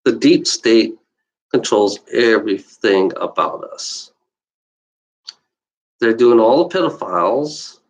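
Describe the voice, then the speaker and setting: A man with a lowish, gravelly, expressive voice speaks slowly and pauses often, and the recording quality is poor. He's a livestreaming video blogger doing an unscripted rant to camera, heated and profane, repeating himself and tagging lines with "you know" constantly.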